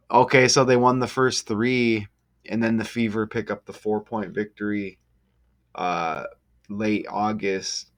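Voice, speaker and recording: A man musing slowly over basketball schedules and number matches, breaking into excited exclamations. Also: fairly low pitch. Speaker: gematria sports commentator. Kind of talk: casual solo commentary over on-screen schedule. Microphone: desk mic.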